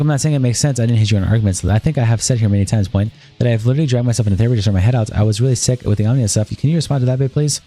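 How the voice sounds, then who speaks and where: A male streamer reading a long exchange of text messages aloud in a rapid, flat delivery. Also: mid-range voice.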